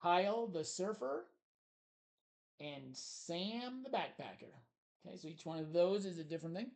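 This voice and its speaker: A man's voice: high voice, expressive, normal speed, gravelly, a little mellow. A man co-hosting a casual board game review, talking with enthusiasm and many fillers as he shows the components.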